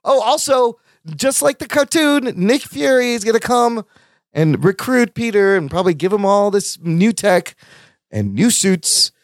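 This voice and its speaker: Male podcast host, high lively voice, excitable, cursing often, dry close sound. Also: unhurried, dry recording. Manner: animated, excitable, swears freely. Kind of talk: casual chat.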